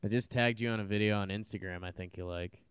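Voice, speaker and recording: Smooth-voiced rambling man, dry mic. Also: fairly low pitch, fairly even intonation, quick pace, dry recording. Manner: rambling, many fillers and restarts. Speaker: podcast co-host. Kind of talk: casual chat.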